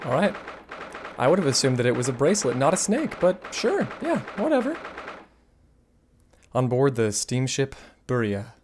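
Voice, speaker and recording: A man's voice: mid-range voice, big pitch swings, moderate pace, long pauses, a little hiss or hum. A man streaming a game playthrough, making wry, offhand asides.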